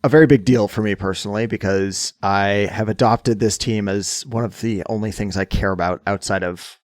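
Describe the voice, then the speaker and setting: A hoarse man co-hosting a podcast, explaining things in casual chat and getting animated at times. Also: on the low side, moderate pace, no room sound, clean studio sound. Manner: explanatory, gets animated and mock-indignant. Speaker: podcast co-host.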